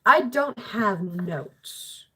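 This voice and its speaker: A woman's voice: medium pitch, animated, drawn-out words, bright, forceful tone, slightly rough. Rambling, self-mocking teenage girl. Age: late teens. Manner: rambling, self-deprecating, chatty. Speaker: vlogger. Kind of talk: casual monologue while doing homework. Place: at home.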